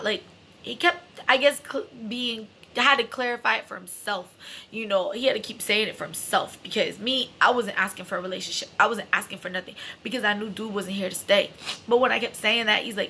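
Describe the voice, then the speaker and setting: A woman's voice: mid-range voice, steady tone, brisk, gravelly, sharp tone, a little hiss or hum. A young adult woman telling a personal story in a casual, emotional way, swearing freely and filling her talk with "like" and "you know". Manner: emotional, candid, swears freely, heavy fillers.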